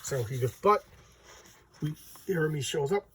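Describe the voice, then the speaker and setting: A man giving a casual, chatty walkthrough of a comic book, retelling the story in loose talk full of "you know" and quick asides. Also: on the high side, lively intonation, husky, low-quality recording. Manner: acts out characters' lines in quick voices.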